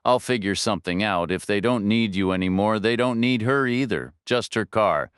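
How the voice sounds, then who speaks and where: A man gives voice to a hard, unflappable drifter in this audiobook thriller, speaking in short, flat, matter-of-fact sentences. His voice sits low and sounds smooth. The recording is close and completely dry. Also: moderate pace, no room sound, natural voice. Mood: flat, terse.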